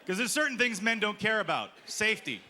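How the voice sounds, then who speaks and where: Stand-up comic with a higher voice. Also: male voice, big pitch swings, brisk. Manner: storytelling, acts out quoted lines. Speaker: stand-up comedian. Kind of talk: stand-up comedy set. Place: comedy festival stage. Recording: live club with crowd and noise. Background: audience laughing.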